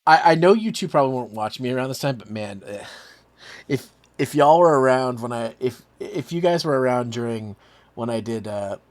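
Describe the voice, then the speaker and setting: A Canadian man hosting a casual stream chat, animated and joking. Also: medium pitch, moderate pace. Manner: animated, laughing, trying silly voices. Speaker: streamer host.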